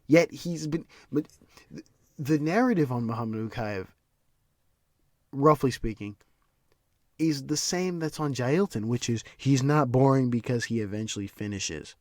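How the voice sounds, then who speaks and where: A man hosts his own commentary podcast and rants with heated profanity. His pitch swings widely as he repeats words and restarts sentences in frustration. The recording is dry, with no room sound around him. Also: animated, normal speed, darkish tone, dry recording. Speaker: podcast host.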